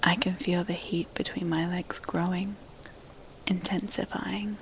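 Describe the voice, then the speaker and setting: A woman in a whispered role-play, speaking entirely in an unvoiced whisper. Her delivery is slow and level, barely rising or falling, with a gravelly edge where the voice catches. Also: on the low side, level tone, a little hiss or hum, poor audio. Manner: slow, hushed, intimate first-person storytelling.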